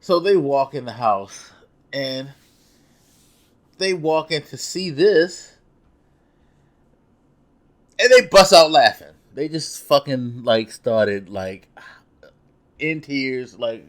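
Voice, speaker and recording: Young male vlogger, loose profane storyteller who laughs at himself, average pitch. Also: lively intonation, slow pace, pauses often. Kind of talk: casual storytelling.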